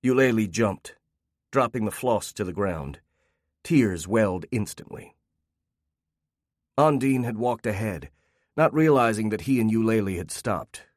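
Low-voiced male storyteller, dry sound. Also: dry recording. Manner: measured, steady storytelling. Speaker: narrator. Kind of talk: audiobook fiction reading.

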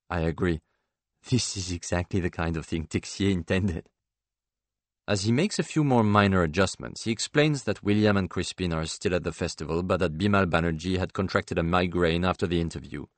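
A man with a very deep, low voice reads a first-person novel aloud. His delivery is measured, with a dry, ironic edge, and the sound is close and dead. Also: dry recording. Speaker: audiobook narrator. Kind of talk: scripted first-person narration.

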